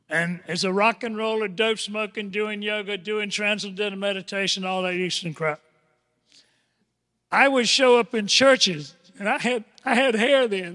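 Older male pastor, high voice, dramatic sermon delivery, loud-to-hushed swings. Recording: long echoing hall reverb.

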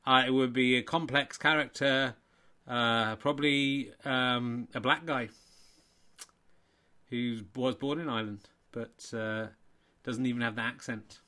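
A man's voice: medium pitch, fairly even intonation, measured pace, pushed and bright. A man hosting and giving a playful, self-mocking mock sports commentary.

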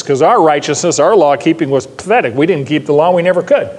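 Older guy preaching, highish voice, lots of repeating himself, big reverb-y room. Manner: emphatic, repeats key phrases, asks the class questions. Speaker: pastor teaching a Bible class. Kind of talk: sermon.

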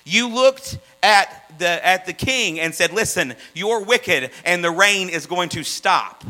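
Male preacher, high bright voice, fervent then hushed, light mains hum. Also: lively intonation, slow pace, poor audio. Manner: swings from loud fervent runs to hushed low asides. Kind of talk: sermon.

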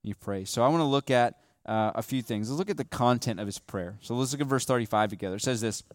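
A young adult male pastor preaching a sermon in a conversational way, checking in with "okay?" and "right?", dropping to a hush and then pushing hard on key lines. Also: mid-range voice, fast, dry recording. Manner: shifts between hushed emphasis and raised, stressed lines.

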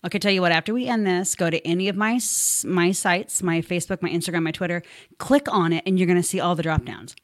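A woman's voice: lowish voice, fast, no room sound, clean studio sound. A woman hosting a podcast, chatting in an upbeat, casual way and wrapping up with easygoing swearing. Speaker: podcast host. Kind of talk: casual interview chat.

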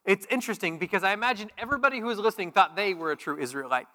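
Bright, high-voiced man preaching. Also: lively intonation, very fast. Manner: swings from loud emphatic peaks to quiet intimate asides; conversational, joking storyteller. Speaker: pastor. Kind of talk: sermon. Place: large church sanctuary. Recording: long hall reverb.

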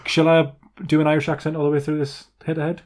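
A man's voice: fairly high pitch, completely flat delivery, fast talker, darkish tone. A man co-hosting a retro gaming podcast, casual and teasing, laughing often at his partner's jokes. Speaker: podcast co-host.

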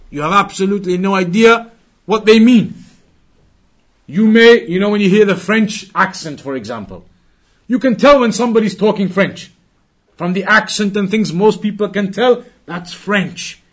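A man teaching a religious class, questioning his listeners and slowly repeating key words for emphasis. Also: high voice. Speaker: Islamic teacher.

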